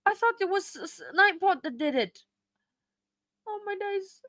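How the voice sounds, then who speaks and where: High-pitched woman, flustered apologetic streamer chatting with viewers, dry close sound. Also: animated, a little slow, sharp tone, no echo. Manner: flustered and apologetic, many fillers; reads and answers viewer chat. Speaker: live-stream host. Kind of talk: casual live-stream chat.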